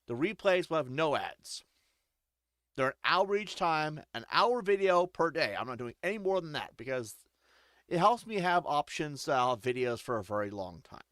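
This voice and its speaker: Brief: lively-pitched streamer, crude jokes, dry close sound. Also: no echo. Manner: crude, joking, frequently laughing. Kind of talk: casual gameplay commentary.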